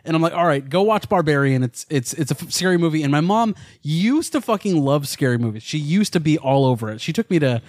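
A man co-hosting a podcast, telling an animated story with plenty of swearing. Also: on the high side, quick pace, few pauses, dry recording, studio quality. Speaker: podcast co-host. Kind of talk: casual chat.

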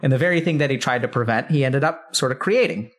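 A man's voice: medium pitch, fast. A man hosting an interview, telling a story casually and acting out voices, swearing freely. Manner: animated, swearing, acts out voices in stories. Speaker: interview host.

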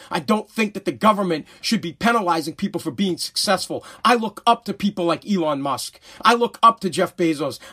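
High-voiced man ranting, profane and loud. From United States. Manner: heated, profane, repetitive ranting; shouts at peaks, stumbles and restarts. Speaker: podcast host. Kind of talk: ranting live-stream podcast monologue.

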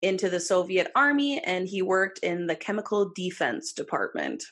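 A woman's voice: fairly low pitch, sing-song, normal speed, a bit bright. A woman co-hosting a casual podcast, telling a case with lots of fillers, laughs and the odd swear word. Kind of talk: casual chat.

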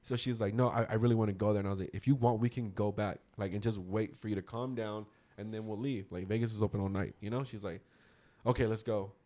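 A man's voice: fairly low pitch, steady tone, fast talker, mellow. A man telling a rambling, slangy story in a casual chat with friends. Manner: rambling, slangy, quotes others mid-story.

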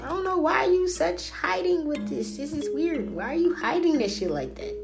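A woman's voice: high-pitched, lively intonation, moderate pace, creaky, loud music behind the voice. A woman hosting a spiritual podcast alone, ranting in a brash, profane, trash-talking way. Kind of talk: casual solo podcast rant.

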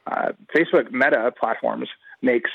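A man's voice: mid-range voice, normal speed, creaky, no room sound. A man giving a guest commentary in a radio interview, analytical and emphatic, talking in long runs. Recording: dull lo-fi radio line.

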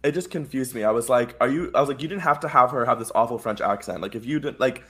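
A man co-hosting a podcast in casual chat, playful and animated, acting out scenes as he retells them. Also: medium pitch, fast talker. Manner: animated, playful, acts out scenes in quoted voices. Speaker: podcast co-host.

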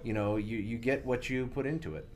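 A man appearing as a guest on a casual podcast, explaining his points earnestly and at a steady flow. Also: mid-range voice, brisk, faint music behind. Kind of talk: casual chat.

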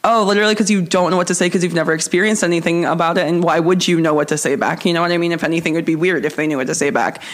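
A woman's voice: fairly low pitch, fairly even intonation, rapid-fire, hardly any pauses. A stand-up comedian woman speaking as a podcast guest, candid and laughing easily, swearing casually.

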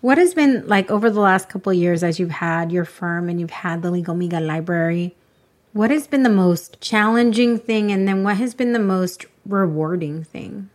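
Woman podcast host, gets all emotional and exclamatory, chatty and excited. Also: medium pitch, normal speed. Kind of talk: casual interview chat.

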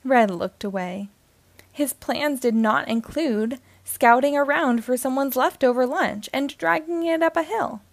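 A woman hosting and reading a children's book aloud in a slow, expressive way. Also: high-pitched, vocal fry, no room sound. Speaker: host and reader.

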